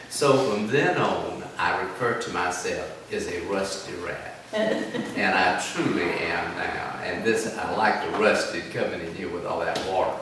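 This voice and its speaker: A man's voice: low-pitched, measured pace. An older man from telling rambling, folksy stories about his childhood. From South Carolina, US. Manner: rambling, folksy, self-deprecating. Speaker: oral history interviewee. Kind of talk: reminiscing storytelling. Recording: echoey room, distant mic, noisy background.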